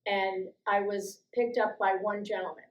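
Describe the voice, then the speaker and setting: A middle-aged woman from the US East Coast telling a personal story in a calm, deliberate way as a guest speaker. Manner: slow, calm, deliberate, with soft low-voiced stretches. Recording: roomy echoey recording.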